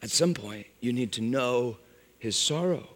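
A man preaching a sermon, swinging from loud exclamations to hushed, low phrases. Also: expressive, measured pace. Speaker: pastor. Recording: long hall reverb.

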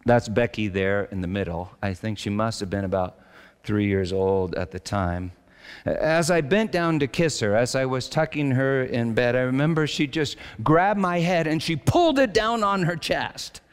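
A male pastor preaching a reflective sermon, slowing down to stress his key lines. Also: medium pitch, expressive, smooth. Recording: long hall reverb.

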